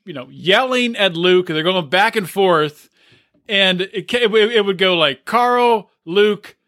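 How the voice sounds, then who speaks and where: A man's voice: high-pitched, animated, unhurried, sharp tone. A man co-hosting a podcast, chatting about a reality show and often restarting his sentences. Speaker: podcast co-host. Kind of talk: casual chat, reality TV recap.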